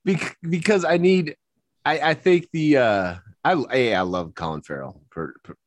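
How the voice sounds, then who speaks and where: A man co-hosting a casual movie podcast, animated, laughing often and restarting his sentences. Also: medium pitch, measured pace, dry recording. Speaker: podcast co-host. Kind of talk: casual chat about movies.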